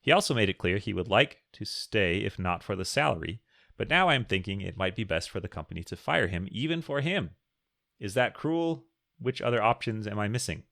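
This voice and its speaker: Gravelly low-voiced male podcast co-host. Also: animated, brisk, a bit bright, dry recording, studio quality. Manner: reads listener questions aloud, jokey. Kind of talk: casual podcast chat.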